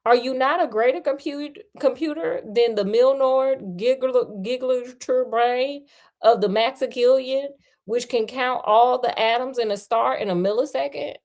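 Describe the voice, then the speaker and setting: A woman's voice: sits high, measured pace, darkish tone. A woman voicing a worried male programmer in a storybook reading, sounding anxious and insistent.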